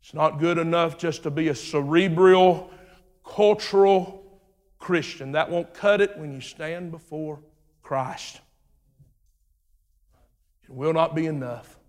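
A man with a high voice preaches slowly and deliberately. His rhythmic sermon climbs to shouted lines, then sinks to low, hushed phrases. The sound rings with the long reverb of a church hall. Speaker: pastor.

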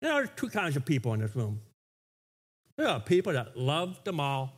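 Brief: male pastor, lively sermon voice, high and swooping, stumbles into quick restarts. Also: husky. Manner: animated, stammering restarts.

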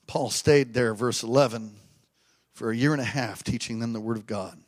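A man preaching a sermon, telling stories with animated energy, bursts of laughter and emphatic repeated declarations. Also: medium pitch, moderate pace.

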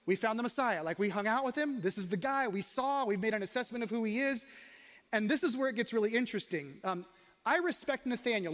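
A man preaching a sermon in a conversational, questioning way, slowing down and speeding up for emphasis. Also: very high-pitched, big-room sound. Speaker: pastor.

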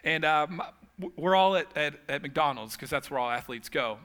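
A man's voice: a little high, expressive, moderate pace, background noise. A man preaching a sermon as pastor, telling humorous stories with casual asides.

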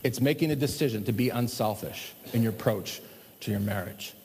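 A man preaching a sermon to a congregation, animated, swinging between loud emphatic lines and hushed, slow ones. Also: medium pitch, a little hiss or hum. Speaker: pastor. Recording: long hall reverb.

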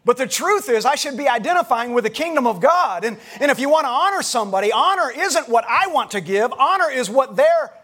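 Man, pastor, high voice, conversational sermon, retells dialogue, restarts often. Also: animated, brisk, hardly any pauses, fairly bright tone. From United States. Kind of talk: sermon storytelling.

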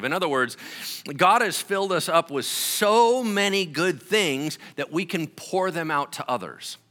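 Male pastor, casual slangy preaching, lively swooping delivery, bright forceful tone. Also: a little high. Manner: animated, conversational preaching with slang. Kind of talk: sermon.

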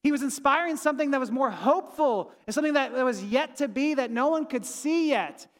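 A man's voice: extremely high pitch, animated, a little fast. A man who is a pastor, giving a sermon in a conversational way and often asking the room "right?". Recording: long reverb of a large hall.

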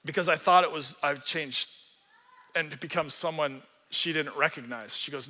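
A man pastor preaching a sermon in an animated, earnest storytelling way, acting out the quotes he tells. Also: a little high, moderate pace, big-room sound.

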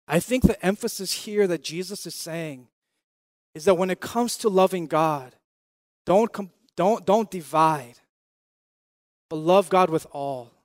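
A man's voice: high voice, no echo, clean studio sound. A man in his thirties preaching a sermon in an earnest, conversational way, repeating key phrases and asking the listeners questions. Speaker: pastor.

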